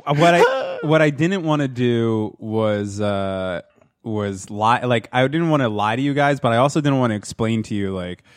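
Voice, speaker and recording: A man's voice: medium pitch, big pitch swings, normal speed, clean tone, dry recording, clean studio sound. A man in his late twenties or thirties chatting candidly on a podcast, rambling with lots of fillers. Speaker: podcast co-host. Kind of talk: casual chat.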